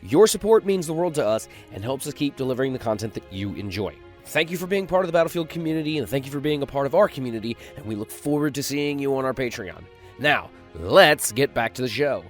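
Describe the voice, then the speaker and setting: A man's voice: medium pitch, animated, fast, hardly any pauses, darkish tone, faint music behind. A man reading a scripted podcast promo in an upbeat, salesy way.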